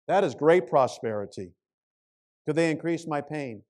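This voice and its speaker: A male pastor preaching a sermon in an earnest voice that swells and falls to a hush. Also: a little high, lively intonation, moderate pace. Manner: impassioned pleading prayer.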